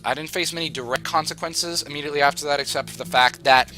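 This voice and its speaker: A man's voice: a little high, steady tone, quick pace, few pauses, pushed and bright, no room sound. A young man telling a long story on a livestream, rambling and swearing a lot. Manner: rambling, profane, restless.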